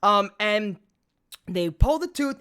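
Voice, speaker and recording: A man's voice: high voice, animated, takes it slowly, pushed and bright, clean tone. A young man from Brooklyn telling a long story on his podcast in a casual, rambling way. He swears often and restarts his sentences. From Brooklyn, New York. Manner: rambling, profane, frequent restarts. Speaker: podcast host.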